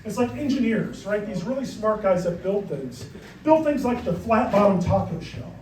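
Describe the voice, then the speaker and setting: A middle-aged man doing a punchy, deadpan stand-up comedy set in a comedy club. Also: sits high, normal speed, slight background noise. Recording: roomy club sound, mic far off, crowd. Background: audience laughter.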